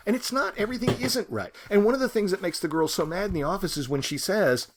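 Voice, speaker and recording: A man teaching a short story, talking in an animated, rhetorical way and often checking in with "right?". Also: high-pitched, fast talker, few pauses. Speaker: literature teacher.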